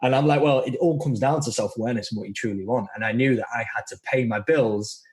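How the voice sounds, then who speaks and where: A man with a Northern English accent speaking as a podcast guest. His voice sits at a middle pitch. He talks in a blunt, outspoken way and swears freely. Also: quick pace. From northern England. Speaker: guest, coach. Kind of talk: casual podcast conversation.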